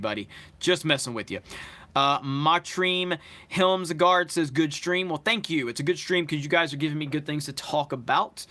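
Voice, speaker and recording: A man's voice: a little high, moderate pace, sharp tone. A man hosting a live stream, reading out viewer comments one by one and answering them in a casual, talkative way. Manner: thanks viewers and reads their comments aloud.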